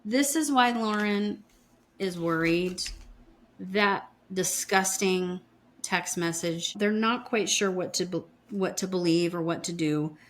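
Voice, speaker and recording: A woman's voice: lowish voice, slow. A woman in her fifties, co-hosting a podcast, retelling a true-crime story in a blunt, indignant way and swearing freely. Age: 50s. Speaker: podcast co-host.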